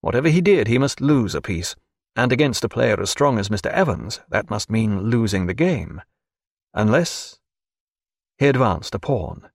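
A man narrating a novel as an audiobook, expressive and varied. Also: on the low side, normal speed, dry recording, clean studio sound.

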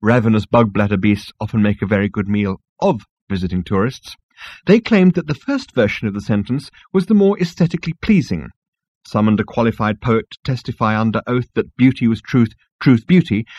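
Man narrating a story, lively and dry. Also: mid-range voice, no room sound, highs cut off. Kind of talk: scripted narration.

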